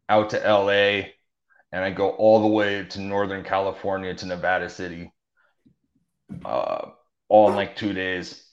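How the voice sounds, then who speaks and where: A young man telling his story in a casual, rambling way, full of fillers and restarts. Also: fairly low pitch. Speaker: interview guest. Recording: dull lo-fi audio.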